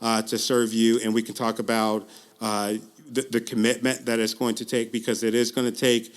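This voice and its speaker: A man working as a public speaking coach, giving a casual, earnest pitch straight to the viewer, with frequent ums, restarts and repeated phrases, his pace speeding up and slowing down. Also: level tone. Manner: uneven pace, speeds up and slows down. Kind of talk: casual direct-to-camera pitch.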